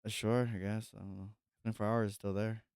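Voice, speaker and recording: A man's voice: fairly low pitch, flat delivery, fast, a little mellow, smooth, dry recording, clean studio sound. A man co-hosting a podcast in casual chat, hesitant and full of fillers and restarts. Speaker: podcast co-host.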